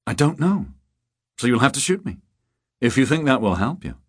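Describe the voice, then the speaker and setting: A man reading the lines of a composed young woman who speaks calmly and steadily, in an audiobook. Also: medium pitch, moderate pace, slightly rough, no room sound, clean studio sound, voice pushed up.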